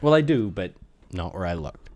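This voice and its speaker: A young man telling a rambling story in casual chat, deadpan and swearing freely. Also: low voice, moderate pace, dry recording. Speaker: podcast co-host.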